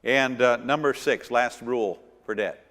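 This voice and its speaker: A man's voice: mid-range voice, measured pace, a bit bright. A middle-aged man, a pastor teaching a church finance seminar, emphatic and repeating words, asking his audience rhetorical questions. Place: church hall. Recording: long echo of a church hall.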